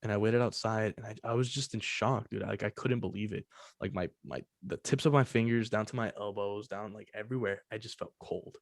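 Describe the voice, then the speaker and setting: Young guy podcast host, kinda low gravelly voice, swears a lot, rambly casual story. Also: fairly even intonation, a little fast, no room sound, clean studio sound. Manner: loose and profane, many fillers.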